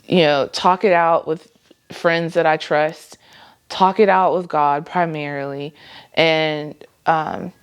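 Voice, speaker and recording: Earnest reflective woman vlogger, lower voice. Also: clean tone. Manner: earnest and reflective, with light laughs. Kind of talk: faith-based personal vlog.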